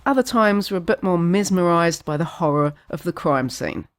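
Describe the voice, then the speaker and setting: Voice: medium pitch, animated, moderate pace. A podcast host with a New Zealand accent giving a scripted philosophy monologue, sardonic and sweary, laughing at their own jokes.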